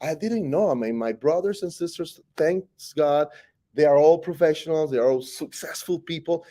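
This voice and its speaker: With a high-leaning voice at normal speed, this Costa Rican teacher narrates his life story in an interview. His Costa Rican Spanish accent comes through as he rambles animatedly, often stopping to correct himself.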